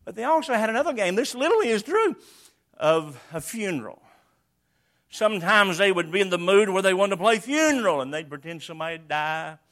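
Man preaching, high voice, big jumps between loud and hushed, verse-by-verse sermon. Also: sing-song, brisk. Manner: expository preaching with sudden loud acted-out quotes.

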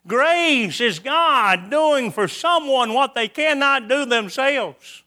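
A man giving a sermon as a testimony, his voice sitting high and sounding bright and forceful. He tells his story in a folksy, homespun way, circling back to the same phrases for emphasis. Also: big pitch swings, takes it slowly, hardly any pauses.

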